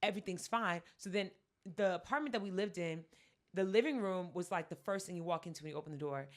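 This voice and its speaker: A woman co-hosting a podcast, telling a story in casual chat, acting out quotes loudly and laughing often. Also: on the low side, fast talker. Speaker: podcast co-host.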